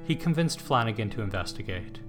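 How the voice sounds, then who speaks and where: A man hosting and narrating a documentary in a calm, scripted reading. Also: fairly low pitch, a little fast, music in the background. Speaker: host and narrator.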